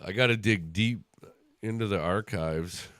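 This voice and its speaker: A man's voice: fairly low pitch, unhurried, a bit bright, no echo. A man hosting a casual livestream and chatting while he watches a hockey game, telling crude stories with a joking manner. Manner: joking, tells crude stories, laughs often. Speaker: livestream host.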